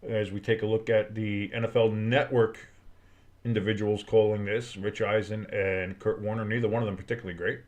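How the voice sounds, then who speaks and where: A man from America calling a football game live for a stream, chatting with viewers between plays, blunt and swearing, breaking into loud excitement at times. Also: on the low side, brisk. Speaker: play-by-play streamer. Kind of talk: casual live play-by-play and reaction.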